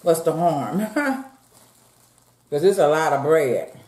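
Slow and warm, her low voice animated, this woman eats on camera and talks easily to her audience, addressing them as "y'all." The room she records in is echoey, and she takes bites between remarks.

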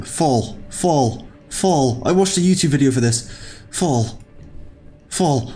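A young man giving excitable, swearing commentary while playing a game, yelling at enemies. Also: mid-range voice, slow pace, faint music behind. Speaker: gaming YouTuber. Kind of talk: live gameplay commentary.

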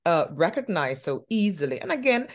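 A woman hosting an interview, talking in a slow, thoughtful way with drawn-out phrasing. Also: fairly low pitch, sing-song. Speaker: podcast host. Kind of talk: reflective conversational interview.

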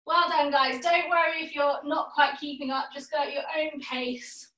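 A woman's voice: sits high, steady tone, bright, forceful tone. A woman teaching a yoga class, calling out poses and giving friendly, encouraging instructions. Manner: encouraging, calls out poses in quick rounds. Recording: echoey room, voice from a distance.

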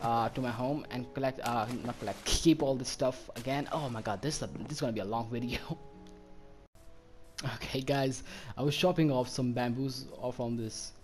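A man giving casual, excitable commentary while playing a game, easily delighted and chatting to the animals he meets. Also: mid-range voice, normal speed. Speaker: gaming channel host. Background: background music.

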